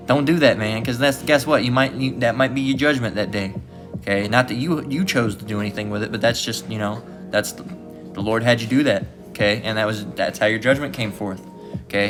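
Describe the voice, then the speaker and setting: A man's voice: medium pitch, fairly quick, music in the background. A man teaching from scripture in a casual sermon, repeating "okay?" and "all right?" as he goes. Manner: informal, repetitive, keeps asking "okay?" and "all right?". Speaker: Bible teacher.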